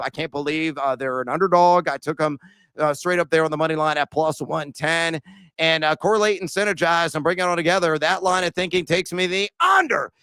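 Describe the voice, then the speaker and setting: A man hosting a sports betting podcast, animated and self-mocking, bursting into shouts as he runs through his picks. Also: fairly high pitch, clean tone, no echo. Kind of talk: excitable betting picks chat.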